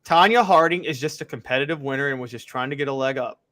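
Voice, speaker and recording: Sarcastic, bright-voiced sports co-host. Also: male voice, medium pitch, quick pace. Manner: joking, sarcastic. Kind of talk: casual sports talk.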